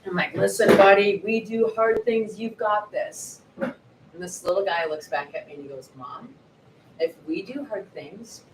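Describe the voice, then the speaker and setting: Woman, 40s, author guest at a live event; lively, acts out quotes; mic a bit far, roomy echo, faint hiss. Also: medium pitch, a little slow. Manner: lively, animated storyteller acting out quotes. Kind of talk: storytelling at a live book event. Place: bookshop event space.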